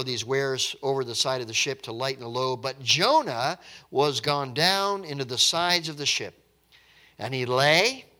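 Man preaching, sermon, conversational and emphatic, bright, fairly high voice. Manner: conversational, emphatic, repeats words.

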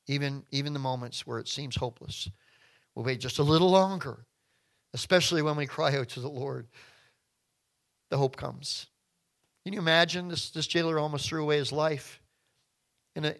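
A male preacher delivering an impassioned sermon, swinging between hushed and loud, calling his listeners folks and friends. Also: a little high, creaky.

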